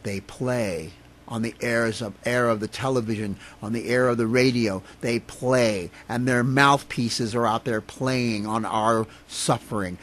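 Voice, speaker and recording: A man's voice: mid-range voice, steady tone, a little slow, a bit bright. Give me an impassioned man ranting on video at his rural home, profane, repeating himself, with a mid-range voice. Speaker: video blogger. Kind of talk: political rant to camera.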